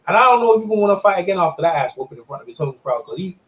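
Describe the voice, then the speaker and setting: A man hosting a casual chat, telling animated stories, laughing often and repeating words. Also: high voice, rapid-fire, low-quality recording. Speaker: host and amateur boxing judge.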